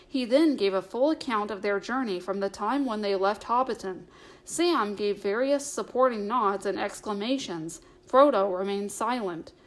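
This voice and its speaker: A woman narrating a fantasy novel aloud in a calm, measured reading. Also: medium pitch, low-quality recording. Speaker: audiobook reader. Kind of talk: storybook narration.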